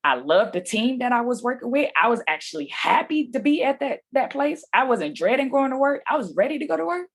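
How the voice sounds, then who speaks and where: A woman's voice: high voice, sing-song, fairly quick, few pauses, breathy edge. A woman telling her story as a guest on a podcast. She talks casually and with animation, uses slang and acts out what people said.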